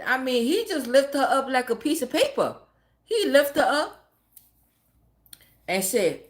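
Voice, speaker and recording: A high-pitched woman spins a story for her live chat, her voice leaping up and down. She swears freely and keeps dissolving into laughter as she talks. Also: measured pace, reverberant. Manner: profane and animated, often breaking into laughter. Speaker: livestreamer telling a story.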